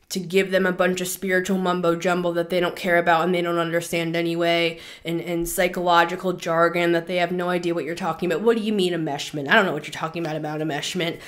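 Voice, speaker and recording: A woman hosting a spiritual reading show, talking earnestly to listeners and repeating words for emphasis, a little out of breath. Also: on the low side. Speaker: spiritual reader, show host. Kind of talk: intuitive reading monologue.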